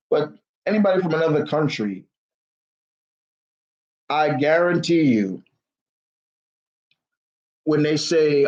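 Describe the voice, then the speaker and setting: A man's voice: fairly high pitch, dull audio. A young man hosting a casual live question-and-answer stream, rambling and blunt, swearing freely. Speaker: host answering viewer questions.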